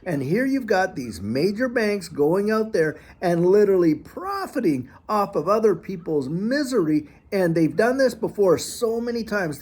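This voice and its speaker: A man hosting a finance channel, giving a folksy, animated commentary monologue and repeating phrases as he talks. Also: high voice, husky. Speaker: crypto channel host.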